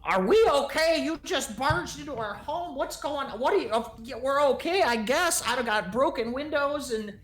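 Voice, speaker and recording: A woman's voice: sits high, expressive, moderate pace, hardly any pauses, echoey room, voice pushed up. Woman putting on a flustered older village mother. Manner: rattled, stammering questions.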